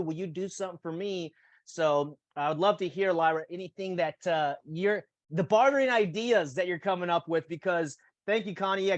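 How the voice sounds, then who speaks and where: Male podcast host, fairly high voice, dry close mic, animated, throws in silly voices for quotes. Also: no echo. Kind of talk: casual podcast chat.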